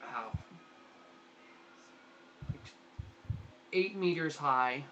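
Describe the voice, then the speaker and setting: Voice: medium pitch, lively intonation, drawn-out words, pushed and bright, muffled recording, a little hiss or hum. A game master narrating a tabletop role-playing game in a rambling way, full of fillers and restarts. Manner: rambling, lots of likes and restarts.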